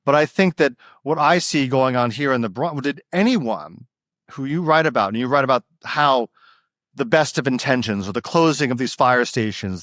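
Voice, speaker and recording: A man's voice: medium pitch, a bit bright, dry recording, clean studio sound. A man hosting a podcast interview, asking questions and making joking asides. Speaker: podcast host. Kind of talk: conversational interview.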